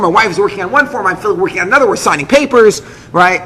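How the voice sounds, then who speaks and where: Animated storytelling rabbi in a hall. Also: male voice, high voice. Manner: vivid, acts out the dialogue, quick asides. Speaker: rabbi, speaker. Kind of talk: dramatic personal storytelling. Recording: echoey hall with faint noise.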